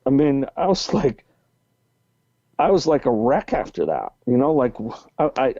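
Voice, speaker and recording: This podcast guest, a New Englander in his sixties, is very animated yet unhurried, his medium-pitched voice mellow on a dry, muffled lo-fi call. His long story rambles and keeps restarting.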